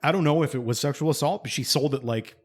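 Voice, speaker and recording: A man's voice: medium pitch, fast. Rambling, profane male podcast storyteller. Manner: rambling, profane, animated when quoting others. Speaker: podcast co-host. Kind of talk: casual storytelling chat.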